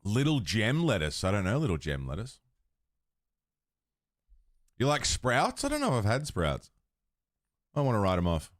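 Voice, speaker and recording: A man's voice: fairly low pitch, huge pitch swings, moderate pace, pauses often, no room sound, studio quality. A man hosting a livestream, chatting casually with his viewers, swearing freely and laughing often. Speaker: livestream host. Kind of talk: casual chat with stream chat.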